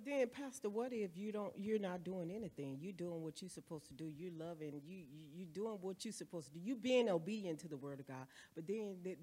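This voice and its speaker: A woman's voice: on the low side, mellow. A woman in a Bible study earnestly putting a question to her pastor, restarting her sentences as she works it out. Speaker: church member asking a question.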